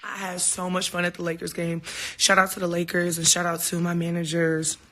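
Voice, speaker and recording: Bright-voiced woman chatting on a livestream. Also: on the low side, fairly quick. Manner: heartfelt and candid, swearing freely; animated storytelling with quoted exchanges. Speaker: singer talking to fans on a livestream. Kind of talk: casual livestream talk. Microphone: phone camera.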